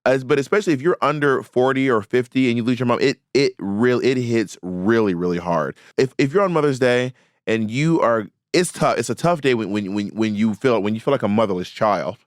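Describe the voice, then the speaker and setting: A man talking as a podcast guest in casual chat, an animated storyteller who repeats words as he gets going. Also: fairly quick, dry recording, clean studio sound. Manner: soft and low talking about his late mother.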